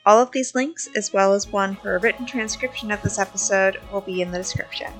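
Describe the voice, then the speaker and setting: Brief: female podcast host, steady scripted outro, faint music behind. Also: mid-range voice, a little fast. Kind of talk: read outro credits. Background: soft music.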